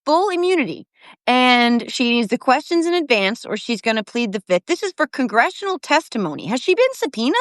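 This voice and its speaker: A woman with a New Jersey accent chats on a live political show. Her voice sits fairly high. She talks in a lively, rapid way, laughing often. The sound is dry and close. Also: no echo. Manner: animated, quick, laughs often, jumps between topics. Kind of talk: casual live political chat.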